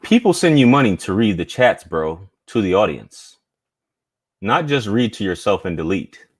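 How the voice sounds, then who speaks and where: A man's voice: fairly low pitch, big pitch swings, moderate pace, breathy edge. A man hosting a casual live stream, talking in a laid-back, slangy way and reading viewer chats aloud.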